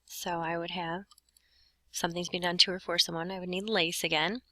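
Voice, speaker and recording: Woman Spanish teacher, step-by-step explainer, bright tone, dry recording. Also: lowish voice, little pitch movement, fairly quick, dry recording, rough recording. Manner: explains step by step, talks to herself while writing. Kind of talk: lesson walkthrough.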